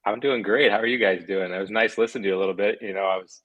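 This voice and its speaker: A man's voice: fairly low pitch, steady tone, rapid-fire. A man in his thirties, a guest on a video call from his living room, joking in a self-deprecating way. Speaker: guest, former pro hockey player. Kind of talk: casual chat over a video call. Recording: dull, lo-fi call audio.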